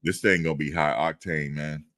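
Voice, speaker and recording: A man hosting a casual commentary on practice footage, excitable and laughing, repeating his phrases. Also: a bass voice, moderate pace, very noisy. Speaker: host reacting to practice footage.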